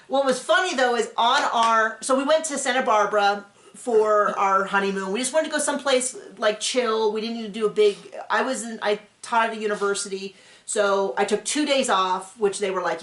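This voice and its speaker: A woman hosting a casual reaction show. She talks in an animated, sarcastic way and often mimics people. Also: a little high, normal speed. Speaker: podcast host recapping a reality show. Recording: roomy home room.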